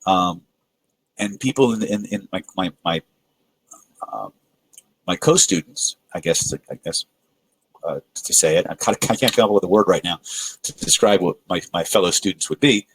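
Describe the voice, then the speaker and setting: A man's voice: sits low, moderate pace, long pauses, breathy edge, rough recording. A man presenting a live webinar on persuasion, telling stories and acting out the people in them, with frequent restarts. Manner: animated storyteller acting out quoted voices, frequent filler restarts. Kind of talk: live webinar teaching with storytelling.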